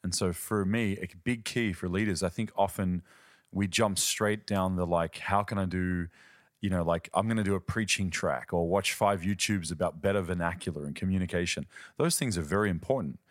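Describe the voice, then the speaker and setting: Deep-ish guy ministry guest, earnest storytelling, dry close mic. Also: moderate pace, no room sound. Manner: earnest, storytelling, uses quoted voices. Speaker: ministry leader, podcast guest. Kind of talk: conversational teaching.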